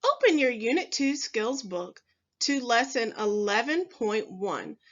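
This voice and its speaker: A woman teacher giving a recorded first grade phonics lesson, speaking slowly and clearly to young children with encouraging words. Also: fairly high pitch, sing-song, a bit bright, dull audio. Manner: slow, clearly enunciated, encouraging teacher talk.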